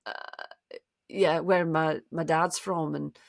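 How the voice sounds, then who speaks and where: A woman's voice: low voice, fairly even intonation, slow, creaky, dry recording. Woman co-host in dry, casual chat. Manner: hesitant, full of restarts while explaining accents. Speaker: podcast co-host.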